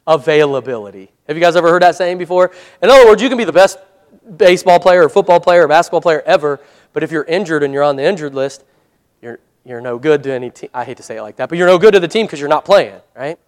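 High-voiced guy preaching a chatty sermon, reads verses slow. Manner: conversational preaching, asks the congregation for amens; reads scripture slowly and deliberately. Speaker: pastor.

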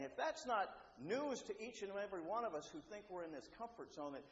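A man preaching a sermon, animated, acting out the voices he quotes, with repeats and restarts. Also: high voice, creaky. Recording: roomy, dull, faintly noisy hall.

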